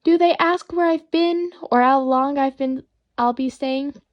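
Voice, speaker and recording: A woman with a bright, high-pitched voice reads children's poetry aloud. Her delivery is playful and sing-song, rising and dipping with each rhyme. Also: a little slow, lo-fi sound. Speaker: reader of children's poems.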